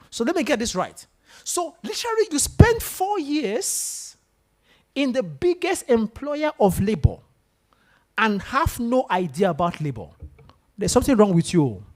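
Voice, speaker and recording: A man gives a motivational talk to a room of students. His pitch swings widely as he fires questions straight at the crowd and pushes them to answer. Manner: animated, questions the audience directly. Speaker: guest speaker at a university.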